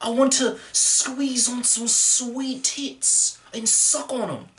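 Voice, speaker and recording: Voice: mid-range voice, fairly even intonation, slow, heavy background noise, voice pushed up, lightly acted. A podcast host voicing a crude, bragging young male Spider-Man with a put-on Australian accent and drawling slang. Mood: lewd. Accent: mock Australian.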